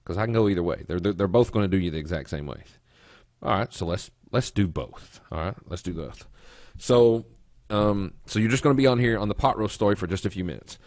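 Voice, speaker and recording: Low-voiced man telling stories in a trading lesson. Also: no echo, clean studio sound. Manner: rambling storyteller, restarts phrases, quick asides. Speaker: trading instructor. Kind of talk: webinar lesson with folksy storytelling.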